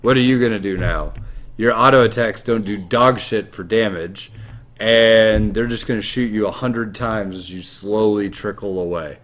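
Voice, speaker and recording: A man co-hosting a gaming podcast, explaining strategy in an animated, joking way with plenty of swearing. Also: fairly low pitch, normal speed. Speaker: podcast co-host. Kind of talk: casual gaming podcast talk.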